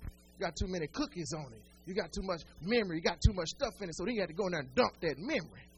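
Male pastor with a really high voice, preaching to his church, jokey stories then rising repeated lines. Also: fast talker, a little hiss or hum. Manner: energetic preaching, repeats phrases, addresses congregation directly; folksy humor and stories. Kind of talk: sermon.

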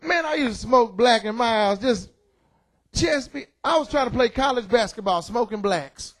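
A middle-aged man preaching a loud, excited sermon in church, calling out to the congregation. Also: extremely high pitch, normal speed. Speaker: pastor. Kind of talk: energetic sermon.

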